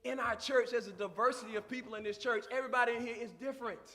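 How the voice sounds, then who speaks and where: A man preaching a sermon with passion, swelling into shouts and repeating phrases for emphasis. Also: very high-pitched, steady tone, very fast, big-room sound.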